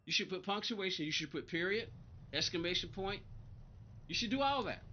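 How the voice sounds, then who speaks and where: Irritated high-voiced man streaming to chat. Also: lively intonation, moderate pace, pushed and bright, dull audio, slight background noise. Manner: irritated, rambling, repeats himself, talks back to chat. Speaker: live-streaming sim racing gamer. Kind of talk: casual live-stream chat reading viewer comments.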